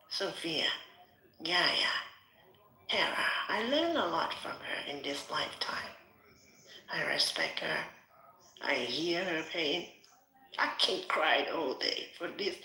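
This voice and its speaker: A slow-speaking woman from Thailand with a sharp, very bright voice. She talks theatrically, swinging from whispers to shouts, and sounds like she is in an echoey room. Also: mid-range voice. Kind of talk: rambling livestream call.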